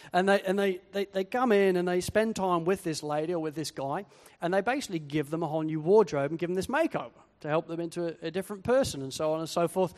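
High-voiced preacher in a reverberant hall. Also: male voice. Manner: lively, acts out quoted voices. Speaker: pastor. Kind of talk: sermon.

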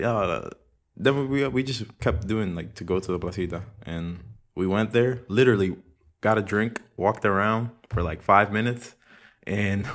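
A young man talks through his solo podcast in a relaxed, rambling way, full of slang and swearing. His voice sits on the low side, and he drifts from one thought to the next like he's catching up with a friend. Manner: rambling, profane, laid-back slang. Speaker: podcast host. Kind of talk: casual solo podcast chat. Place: room at home with audible room echo.

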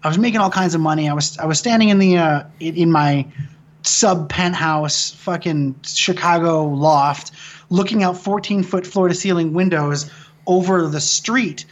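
This guest is a Michigan filmmaker in his thirties with a fairly high voice at normal speed. Chatting casually, he rambles through stories full of profanity and keeps restarting his sentences. The audio sounds dull.

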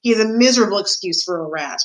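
A woman's voice: mid-range voice, expressive, quick pace, close to an everyday voice. A woman voicing a gleeful, cruel male rat in a storybook reading, with a mocking, gloating delivery.

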